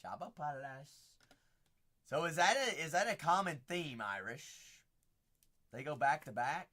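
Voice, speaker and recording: A man's voice: on the high side, unhurried. A man hosting a live card break, chatting and exclaiming as he opens packs. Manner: excitable, exclaiming, chatty asides.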